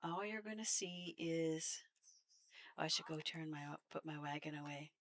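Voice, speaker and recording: Canadian woman streamer, low and gravelly, chatty commentary, laughs a lot. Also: moderate pace, a bit bright. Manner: chatty, laughs often, talks to enemies. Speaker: game streamer. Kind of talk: casual gameplay commentary.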